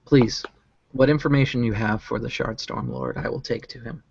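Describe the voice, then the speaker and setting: A man voicing a stern, loyal tribal lieutenant who speaks slowly and solemnly, in a tabletop game. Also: mid-range voice, fairly even intonation, vocal fry, a little mellow, slightly rough, dull audio.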